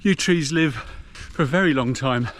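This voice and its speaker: A man's voice: on the high side, normal speed, fairly bright tone. A middle-aged man giving a chatty, explanatory commentary while running a muddy rural trail. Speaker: vlogger. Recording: noisy outdoor recording.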